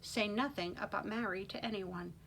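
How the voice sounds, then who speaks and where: A woman reading an audiobook voices an enraged young nobleman in a low, angry growl. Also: fairly quick, creaky, sharp tone, a little hiss or hum. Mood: low urgent.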